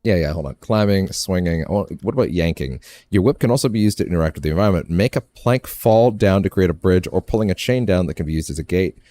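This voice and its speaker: Deep-voiced man streaming a game. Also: animated, fast, few pauses, dark tone. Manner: rambling, restarts phrases, chats to his dog. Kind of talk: casual gameplay commentary.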